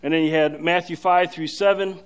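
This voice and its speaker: A man preaching a sermon, explaining scripture in an emphatic, energetic way with frequent fillers and restarts. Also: a little high, moderate pace, clear, resonant tone. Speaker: pastor.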